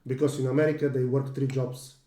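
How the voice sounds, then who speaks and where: Hesitant man with a mellow voice. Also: medium pitch, level tone, fast, roomy sound. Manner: hesitant, many fillers and restarts, earnest. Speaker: podcast co-host. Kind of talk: casual discussion.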